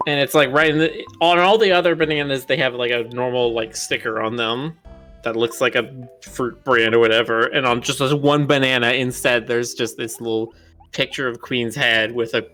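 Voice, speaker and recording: Bright-voiced man chatting easily on a stream. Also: mid-range voice, fairly even intonation, normal speed, faint music behind. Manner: chatty, storytelling, easygoing. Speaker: streamer co-host. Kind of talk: casual stream chat.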